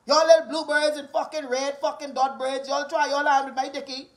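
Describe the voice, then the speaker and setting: A woman's voice: high voice, little pitch movement, a little fast, low-quality recording. A Bahamian woman in her forties delivering a profane, combative rant, repeating her taunts over and over. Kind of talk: angry rant to camera.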